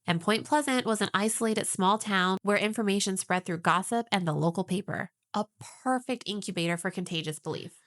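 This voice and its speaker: A woman co-hosting a podcast, explaining ideas in a measured, informative way with light teasing. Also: mid-range voice, fairly bright tone. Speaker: podcast co-host.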